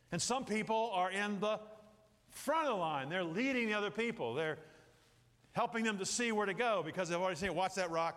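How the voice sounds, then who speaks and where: A middle-aged man delivers a sermon in a fairly high voice. He rambles, breaks into jokey asides and acts out little quotes. A long hall reverb trails his words. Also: fairly bright tone. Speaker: pastor.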